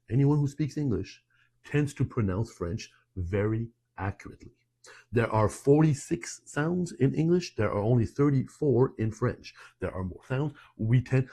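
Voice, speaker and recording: A man's voice: mid-range voice, mellow. Persuasive man teaching French online. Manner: persuasive, conversational, drops French terms into English; frequent restarts and asides. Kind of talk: online lesson talk.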